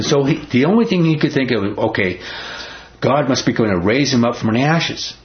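A man's voice: medium pitch, animated, moderate pace, highs cut off. A man teaching a Bible study in a folksy, emphatic way, often asking the group questions.

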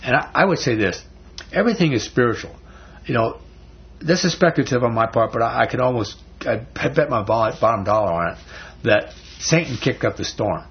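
A man's voice: medium pitch, lively intonation, brisk. A man teaching a Bible study in a conversational, folksy way, often restarting words. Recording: dull lo-fi recording.

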